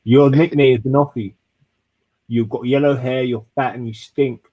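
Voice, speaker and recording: Husky london guy doing a filthy freestyle roast, mid-pitched voice. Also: fairly even intonation, moderate pace, warm tone, poor audio. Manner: crude, aggressive trash talk with heavy swearing. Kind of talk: freestyle insult rap battle.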